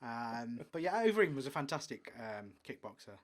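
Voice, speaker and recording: Brief: male podcast co-host, mid-pitch, casual and enthusiastic sports chat. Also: very animated, normal speed. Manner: chatty, enthusiastic, trails off quietly.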